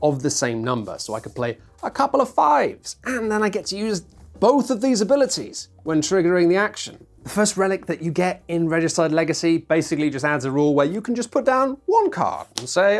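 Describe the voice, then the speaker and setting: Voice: mid-range voice, sing-song, brisk, faint music behind. A board game reviewer talking to camera in a chatty, self-mocking way, acting out players' lines in mock voices.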